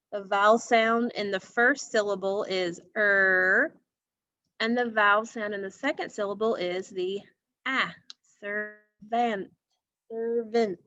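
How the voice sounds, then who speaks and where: A woman's voice: medium pitch, bright, forceful tone, dull audio. A woman teacher giving a phonics lesson to a class, speaking patiently and asking her students questions.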